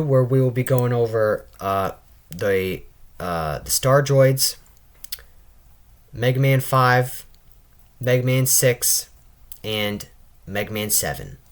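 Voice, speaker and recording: A young man hosting a casual tier-list video, talking loosely with frequent stutters, restarts and tag questions. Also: medium pitch. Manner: stutters and restarts often, keeps adding "all right?". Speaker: channel host ranking video game characters.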